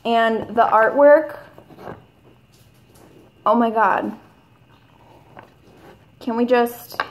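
A young woman in her twenties chatting casually at home in a haul video, gushing and rambling with drawn-out enthusiasm. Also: fairly high pitch, slight background noise. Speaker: vlogger.

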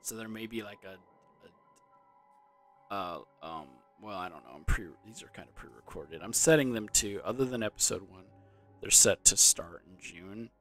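A man's voice: fairly low pitch, normal speed, fairly bright tone, soft background music. A tipsy man rambling through casual game commentary, swearing and laughing at himself. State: tipsy from drinking. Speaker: let's play gamer.

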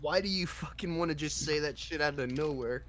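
A man in casual voice chat, riffing loudly with lots of swearing. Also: on the high side, brisk, crowd noise. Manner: profane, boisterous riffing. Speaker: streamer.

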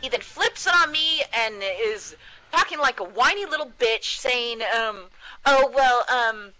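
A woman with a high-set voice and a bright, sharp edge, heatedly venting to a friend over voice chat from home. She is blunt and profane, swearing freely as she airs her grievances. She sounds like she is in her thirties. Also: lively intonation, unhurried, poor audio. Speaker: gamer in voice chat.

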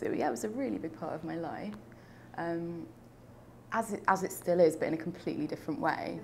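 A woman's voice: low voice, darkish tone, slight background noise. A young woman from London, talking reflectively in an oral history interview, with frequent fillers and restarts. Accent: London English. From United Kingdom.

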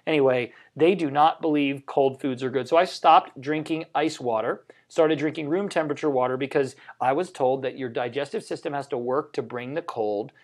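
A man's voice: medium pitch, fairly quick, hardly any pauses. A man co-hosting a live health show, talking enthusiastically and joking between points. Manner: enthusiastic and joking, tells personal anecdotes. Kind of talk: casual health chat on a livestream.

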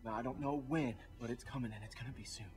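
An actor playing a tired young man who has snuck in to help captives, talking in a hushed, urgent and hesitant way. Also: mid-range voice, fairly even intonation, fast, natural voice. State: exhausted from no sleep. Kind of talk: video game voice acting. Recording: game audio with music behind.

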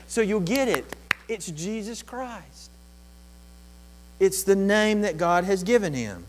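A man's voice: high voice, expressive, takes it slowly, pauses often, poor audio. Impassioned male preacher, swelling delivery. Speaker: pastor. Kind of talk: sermon.

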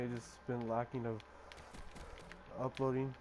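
A young man casually chatting to his gaming channel in a low-key, halting way with many fillers. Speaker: gaming vlogger. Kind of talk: casual vlog chat. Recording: clear background noise.

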